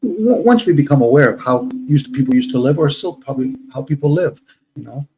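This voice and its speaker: A man's voice: medium pitch, animated, fairly quick, mellow, a little hiss or hum, rough recording. A man who is a guest on a live online panel, talking in a rambling, reflective way full of rhetorical questions. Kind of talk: casual live panel chat.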